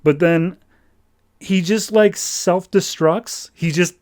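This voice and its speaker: A man's voice: high-pitched, slow, darkish tone. A man hosting a comic book podcast, recapping an issue in a casual, rambling way with wry, sarcastic asides.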